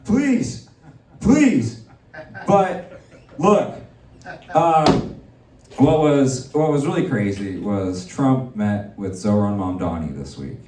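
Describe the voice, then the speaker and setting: A man hosting a live political comedy show, talking in a rambling, excitable way with lots of fillers. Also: on the low side, slow, a little hiss or hum. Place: comedy venue in a dispensary. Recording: echoey room, mic far off.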